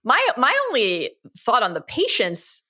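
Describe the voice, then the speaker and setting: A woman co-hosting a casual pop-culture podcast, enthusiastic and quick with asides, often laughing. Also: a little high, wildly swooping pitch, pushed and bright. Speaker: podcast co-host.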